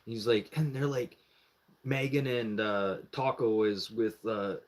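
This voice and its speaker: A man with a lowish voice speaks slowly as he tells a long, easygoing story on a live stream. He swears without restraint and acts out what others said, animated and profane, voicing the other characters himself.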